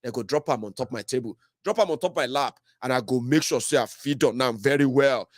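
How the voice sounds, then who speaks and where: A Nigerian man hosting solo political commentary, mocking and animated, slipping into Pidgin. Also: mid-range voice, fairly quick, no room sound, clean studio sound.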